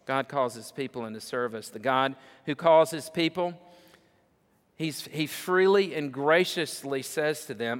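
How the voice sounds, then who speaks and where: A man's voice: medium pitch, a little slow. Preaching man in a reverberant hall. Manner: building to loud emphatic repetition. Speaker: pastor. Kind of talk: sermon.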